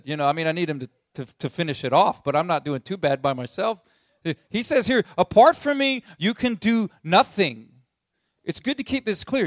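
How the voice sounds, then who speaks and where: A man's voice: a little high, dry recording, studio quality. A man preaching a conversational sermon, reading scripture aloud and repeating key lines for emphasis.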